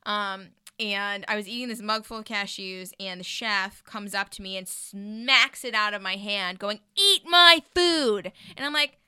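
A woman chatting casually as a podcast guest, telling lively stories and laughing often. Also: mid-range voice, normal speed, few pauses, smooth, no room sound, studio quality. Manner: animated storyteller, laughs often. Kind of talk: casual chat.

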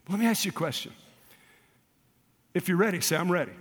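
A man pastor preaching a sermon with call and response, dropping to quiet asides and rising to shouts. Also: sits high, lively intonation, quick pace, slightly rough, long reverb tail.

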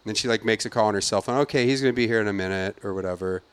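A man's voice: fairly low pitch, rapid-fire, clear, resonant tone. A man hosting a podcast, telling an angry story in a casual, profane way and acting out the people he quotes. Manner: profane, animated storyteller who acts out quotes. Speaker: podcast host.

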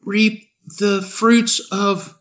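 A man co-hosting a casual podcast, laid-back and deadpan, swearing casually. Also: high-pitched, drawn-out words, lo-fi sound. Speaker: podcast co-host.

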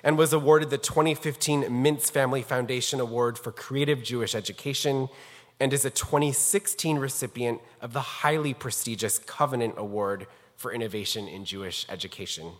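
A man's voice: mid-range voice, a little fast. Man introducing a guest in an echoing sanctuary. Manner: earnest and storytelling. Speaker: rabbi introducing a guest scholar. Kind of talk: formal introduction speech. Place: synagogue sanctuary. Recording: long hall reverb.

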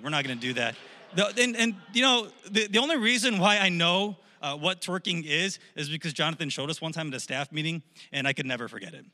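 A man preaching a sermon, telling a story with jokes and animated asides. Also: sits high, long reverb tail. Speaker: pastor.

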